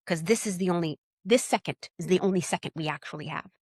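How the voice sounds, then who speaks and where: A woman's voice: on the low side, quick pace, breathy edge, no room sound, studio quality. A woman in her forties, a birth worker speaking as a podcast guest, talking candidly and emphatically and often acting out what people said. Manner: emphatic, animated, acts out quoted dialogue. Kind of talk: candid conversational storytelling.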